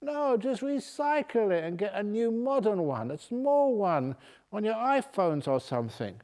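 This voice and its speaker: A man's voice: high-pitched, big pitch swings, unhurried, a little mellow. A man, a Buddhist monk, answering questions at a retreat with jovial, humorous stories and often laughing at his own jokes. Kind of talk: humorous dharma Q&A talk. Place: meditation retreat hall.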